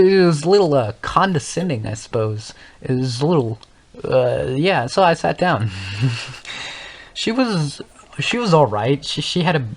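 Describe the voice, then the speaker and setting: With a mid-range voice, a young teenage gaming channel host rambles through a casual story, frequently correcting himself and laughing as he talks.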